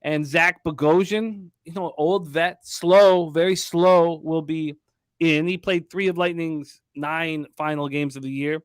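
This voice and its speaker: Host, male, sports betting show: brisk and emphatic, reads off stats, voice a bit high, dry booth sound. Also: fairly even intonation, a bit bright, no room sound.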